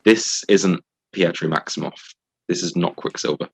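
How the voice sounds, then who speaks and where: Man, very deep voice, husky, measured, explaining fan theories. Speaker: podcast co-host. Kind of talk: casual chat.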